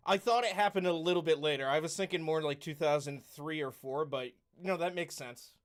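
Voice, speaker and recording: A man's voice: on the high side, a little fast. A man co-hosting a casual podcast chat, easygoing and agreeable, chiming in often. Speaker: podcast co-host.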